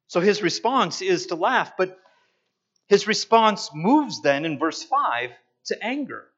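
A man preaching a sermon, slow and emphatic, pausing to stress his points. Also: high-pitched, sing-song, fairly bright tone, husky. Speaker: pastor. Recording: dull lo-fi sound.

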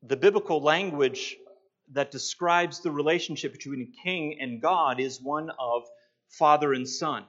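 A man preaching a sermon, slow and emphatic, pausing to stress his points. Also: a little high, a bit bright. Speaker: pastor. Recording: dull lo-fi sound.

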